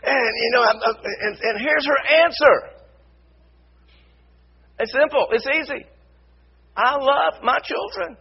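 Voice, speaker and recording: Husky-voiced preacher delivering a sermon. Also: male voice, extremely high pitch, takes it slowly, long pauses, dull audio. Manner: repetitive, builds to shouted emphasis. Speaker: pastor. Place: church sanctuary.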